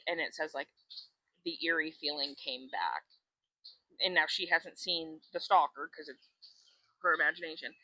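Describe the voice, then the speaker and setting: The podcast co-host chats through a book's storyline, voicing the characters' quotes animatedly and cursing freely. Her pitch is low; the audio has no echo but is poor in quality.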